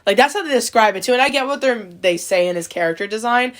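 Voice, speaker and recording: A woman's voice: on the high side, expressive, quick pace, a bit bright. Chatty woman podcast co-host. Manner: chatty, heavy use of "like". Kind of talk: casual chat about a video game.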